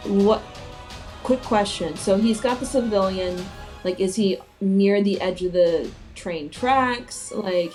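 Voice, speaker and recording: A woman's voice: mid-range voice, darkish tone. Woman tabletop player, asks careful questions, faint music behind. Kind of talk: casual tabletop play.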